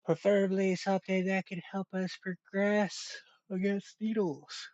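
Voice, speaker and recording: A man giving slow, mumbled running commentary while streaming a video game from home. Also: high voice, level tone, a little mellow, dry recording, lo-fi sound. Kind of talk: casual live-stream commentary. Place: home room.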